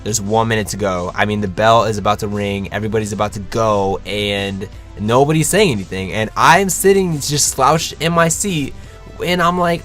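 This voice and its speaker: A man's voice: fairly low pitch, normal speed, faint music behind. A young man casually telling a story to his viewers, swearing freely and acting out what people said. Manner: animated, swears freely, acts out quotes. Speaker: vlogger.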